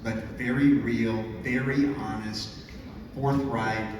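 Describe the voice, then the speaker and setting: A man who writes and directs the show, speaking on a convention panel and praising his cast warmly. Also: mid-range voice, steady tone, takes it slowly, noisy background. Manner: effusive, full of praise. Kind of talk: panel talk. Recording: echoey convention hall, far mic.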